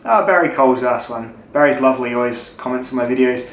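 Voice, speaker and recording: A young Australian man hosting his channel fires off answers to viewer questions in a loose, joking Q&A, swearing freely. His voice sits in the mid range and moves fast. The room is echoey, with faint noise in the background.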